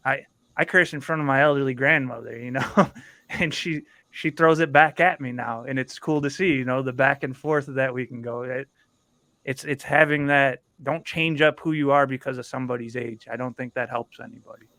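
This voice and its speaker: A man's voice: medium pitch, fairly even intonation, normal speed, pushed and bright, no room sound. Blunt, swearing man, dry close sound. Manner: candid, blunt, swears freely. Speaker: panel guest, veteran and father. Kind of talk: casual livestream panel talk.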